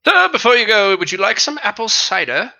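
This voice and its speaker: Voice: medium pitch, very animated, fairly quick, pushed and bright, heavily acted. GM doing a showy apple-loving cider merchant. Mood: cheery. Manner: theatrical, salesy, addresses customer grandly. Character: cheerful apple-obsessed male cider merchant. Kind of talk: tabletop role-play voice.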